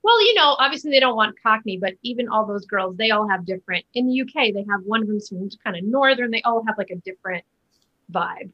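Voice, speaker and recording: A woman with a husky, breathy voice talks in a loose, chatty way and keeps restarting her sentences. She speaks as a guest in a casual interview. The sound is muffled and lo-fi. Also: mid-range voice, lively intonation, quick pace. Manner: chatty, many fillers and restarts. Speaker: Broadway actor, guest.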